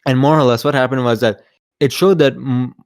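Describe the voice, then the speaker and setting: A man's voice: mid-range voice, fairly even intonation, a little fast, dry recording, studio quality. Teasing man in casual podcast chat. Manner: teasing, blunt, plugs games between jokes. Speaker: podcast co-host.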